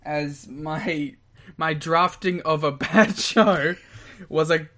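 Bright-voiced, mock-indignant male co-host. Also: fairly high pitch, slow pace. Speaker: podcast co-host. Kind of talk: casual chat.

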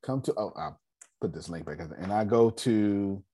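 Man, fairly low voice, husky, casual finance teacher, video call. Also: moderate pace. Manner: animated, talks straight to the group, slangy. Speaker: finance class host.

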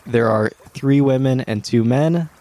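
A man narrating as game master in a tabletop game, with an ordinary middle pitch. His delivery is steady and descriptive. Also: unhurried.

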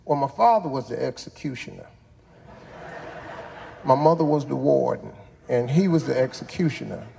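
A man's voice: medium pitch, lively intonation, normal speed, vocal fry, long pauses, mellow, long reverb tail, a little hiss or hum. A man in his sixties hosting a show, telling a childhood story in a folksy, drawling way that builds to punchlines. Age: 60s. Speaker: host. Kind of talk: motivational storytelling.

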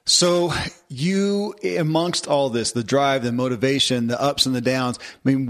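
A man hosting a podcast interview, asking long, halting questions that he rephrases as he goes. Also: mid-range voice. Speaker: podcast host.

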